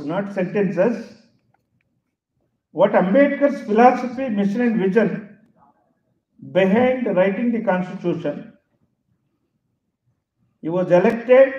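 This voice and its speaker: A man's voice: sits high, dull audio. Emphatic man in echoey hall. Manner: emphatic, repeats key phrases, deliberate. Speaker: professor giving a speech. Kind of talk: public lecture.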